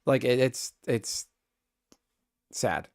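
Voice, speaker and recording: A man streaming a card game live, chatting casually with viewers, excitable and swearing freely. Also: mid-range voice, very slow, no room sound, studio quality.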